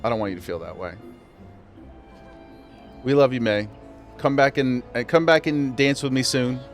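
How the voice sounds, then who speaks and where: A man's voice: medium pitch, normal speed, soft background music. Playful man chatting on a game stream. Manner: playful, laughs often, talks straight to chat. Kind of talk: casual live-stream chat while gaming.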